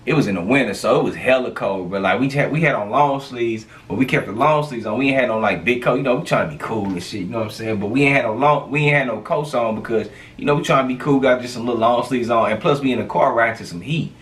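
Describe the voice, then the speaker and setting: A man telling a street story in a casual, animated storytime monologue, full of slang and fillers. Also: mid-range voice, quick pace, hardly any pauses, far from the mic.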